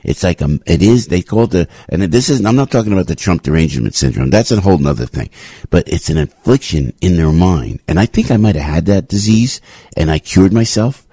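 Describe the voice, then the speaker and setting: A man hosting a talk radio show, delivering a rambling, impassioned opinion monologue full of restarts and sudden jumps in pitch. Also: expressive, fairly quick, warm tone, breathy edge, no echo.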